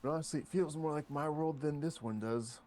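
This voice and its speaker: A man playing a character in a tabletop game, talking in a relaxed, halting way. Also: fairly high pitch, no echo. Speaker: player.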